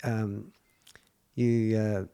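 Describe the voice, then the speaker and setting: A man hosting a podcast, asking questions in a halting, easygoing way. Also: lowish voice, little pitch movement, mellow, clean tone. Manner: halting, lots of 'uh' and 'aye' fillers. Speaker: podcast host. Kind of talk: casual interview chat.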